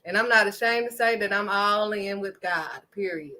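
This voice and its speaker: Emphatic, bright-voiced woman preaching faith. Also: medium pitch, normal speed. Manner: emphatic, preachy, punctuates points with "period". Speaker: faith vlogger. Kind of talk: impassioned faith talk.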